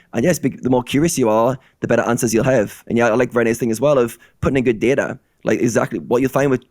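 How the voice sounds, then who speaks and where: Fast-talking man, dry close sound. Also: mid-range voice, a little mellow, no echo. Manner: eager, rapid-fire, acts out dialogues. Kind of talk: casual chat.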